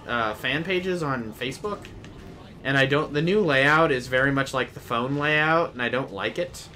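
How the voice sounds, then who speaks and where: Over slight background noise, a man with a fairly high, sharp voice streams a video game. His casual gameplay commentary drifts off-topic, and he often trails off mid-sentence.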